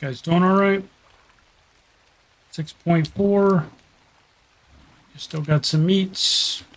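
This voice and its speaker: A man's voice: high-pitched, steady tone, very slow. A man streaming a survival game, chatting casually and thinking aloud while he plays. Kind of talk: casual gameplay commentary.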